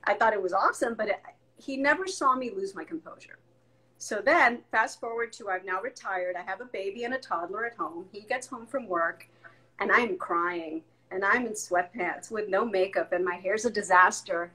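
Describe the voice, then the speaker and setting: A woman in her forties, a guest chatting casually in an interview and telling lively stories about family life. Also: mid-range voice, moderate pace, poor audio. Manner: animated storyteller, acts out family voices.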